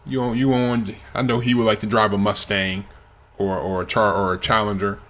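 A man's voice: fairly low pitch, little pitch movement, moderate pace, a bit bright. A man hosting a reaction video, chatting playfully and trying out how words are pronounced. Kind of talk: casual reaction commentary.

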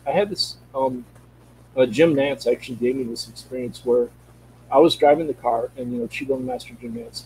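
A man of middle pitch tells a personal story in a loose, conversational way, stumbling over his words and repeating himself as he goes. A faint hum sits under his voice. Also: a little mellow, low-quality recording. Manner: rambling, repeats words and restarts often. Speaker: guest telling a personal story.

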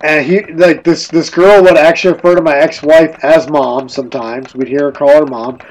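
Man, drunk, slightly high-pitched, rambling, casual ghost storytelling on a game stream. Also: steady tone, moderate pace, a little mellow, rough recording. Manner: rambling, with many restarts and "like".

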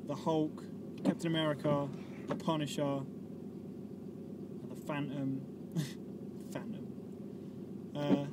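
A man's voice: a little high, level tone, takes it slowly, long pauses, heavy background noise. A man in a casual film-chat vlog, rambling, swearing and losing his train of thought while talking from a car. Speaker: vlogger.

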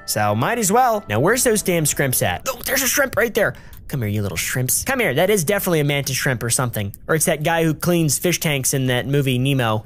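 A woman hosting her channel, giving casual, excitable, jokey gameplay commentary with plenty of swearing, with faint music behind. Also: fairly low pitch, brisk. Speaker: gamer and channel host.

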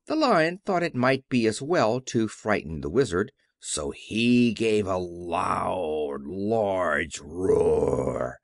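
Brief: expressive male storybook narrator, dry studio read. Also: on the high side, dry recording. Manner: expressive, animated reading. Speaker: audiobook narrator.

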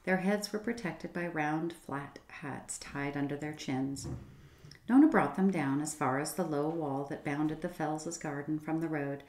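A woman reading a children's book aloud as a storyteller, expressive and gently paced. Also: low voice, measured pace. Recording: roomy echo.

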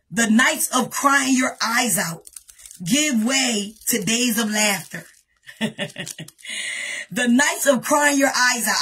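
A woman pastor preaching a sermon with impassioned, often shouted delivery, calling on the congregation to answer back. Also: on the high side, husky.

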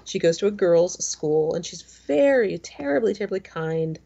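A woman's voice: fairly low pitch, lively intonation, normal speed, creaky, dark tone, breathy edge, muffled recording. A woman in her forties co-hosting a podcast, telling stories in a rambling, chatty way full of fillers. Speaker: podcast co-host. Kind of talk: casual chat.

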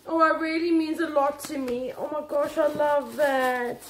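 A woman unboxing gifts on camera, talking excitedly and emotionally to her viewers. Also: high voice, unhurried, hardly any pauses, roomy sound, slight background noise. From South Africa. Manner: excitable, emotional, exclaiming and laughing. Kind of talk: casual chat to camera.

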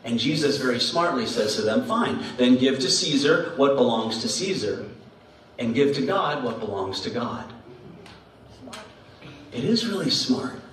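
A man's voice: medium pitch, expressive, measured pace, a bit bright, recorded from a distance, a little hiss or hum. A man giving a children's message in church, playful and laughing as he quizzes the kids with riddles. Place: church sanctuary. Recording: echoey sanctuary heard from afar.

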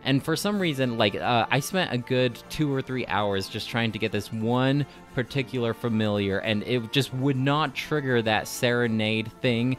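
A man's voice: medium pitch, moderate pace, hardly any pauses, soft background music. A young man giving a casual, enthusiastic spoken review of a video game, with lots of filler words.

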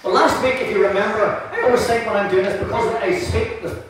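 A man preaching a sermon, praying quietly at first and then telling stories with lively humour. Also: sits high, a little fast, noisy background. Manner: prays softly, then preaches with lively storytelling and laughter. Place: church hall. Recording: echoey room from far off.

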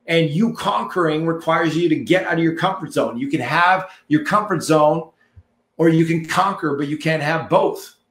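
A man's voice: on the high side, moderate pace, a bit bright, roomy sound. A man coaching listeners in a punchy, preachy motivational monologue, repeating phrases for emphasis. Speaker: marketing coach.

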